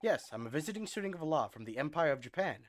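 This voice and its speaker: A man's voice: fairly high pitch, sing-song, fast talker. A man voicing a polite, earnest young defense lawyer in a game reading. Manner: polite, earnest, laughs easily.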